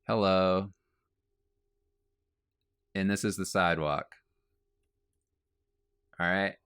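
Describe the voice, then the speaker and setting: A man's voice: low voice, fairly even intonation, takes it slowly, fairly bright tone, clear, resonant tone, no echo, studio quality. A man casually telling a rambling neighborhood story while he draws, with lots of asides. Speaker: comic artist and podcast host.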